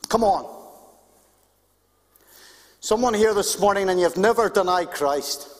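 A male pastor delivers a lively, conversational sermon in a church. His voice sits somewhat high for a man, and a long hall reverb trails each phrase. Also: unhurried. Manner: animated, conversational preaching with humor.

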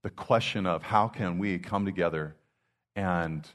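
Man, pastor, very low voice, chatty sermon, lots of fillers. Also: unhurried. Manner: casual, heavy use of "you know", animated acted-out asides. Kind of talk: conversational sermon.

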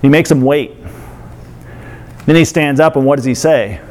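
A man with a somewhat high voice preaching to his congregation. He talks in a loose, conversational way, breaking into laughs and little acted-out asides. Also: normal speed, darkish tone. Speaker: pastor. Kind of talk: sermon.

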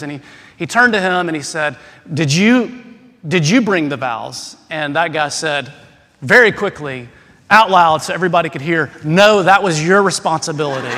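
A man, a pastor, delivering an Easter sermon, shifting between a soft prayer and humorous stories told to his congregation. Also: a little high. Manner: humorous storytelling with self-deprecating asides. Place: large church sanctuary. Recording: long hall reverb.

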